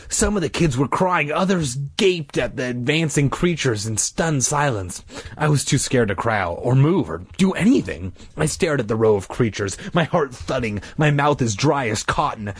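A man's voice: medium pitch, breathy edge, no room sound. A man casually reading a spooky children's book aloud, dramatizing it and slipping in joking asides. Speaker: reader.

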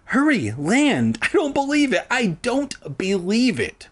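A man voicing a whiny young girl stranded on a beach, in a high squealing voice for a comedy reading. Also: wildly swooping pitch, unhurried, slightly rough, exaggerated voice. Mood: excited.

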